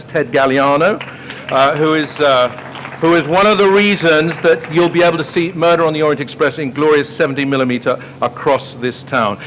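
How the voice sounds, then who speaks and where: A man's voice: on the high side, fairly bright tone, long reverb tail, a little hiss or hum, rough recording. A man from Northern Ireland giving a gracious ceremony speech, thanking people with hesitant fillers. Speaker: speaker at an awards ceremony. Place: outdoor ceremony.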